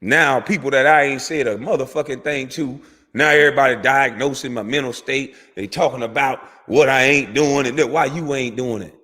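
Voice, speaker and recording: A man's voice: medium pitch, normal speed, bright, forceful tone. A man, a former pro athlete, delivering a heated, profane, preachy rant to camera that repeats words for emphasis. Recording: long hall reverb.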